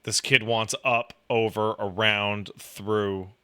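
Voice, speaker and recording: Slow and clean in tone, this man's fairly low voice carries a casual, rambling conversation full of swearing and constant "like"s. He tells animated stories, voicing the people he quotes.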